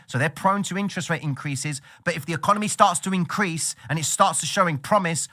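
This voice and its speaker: A man giving casual, animated trading commentary on a livestream. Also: high-pitched. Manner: animated, slangy, excitable.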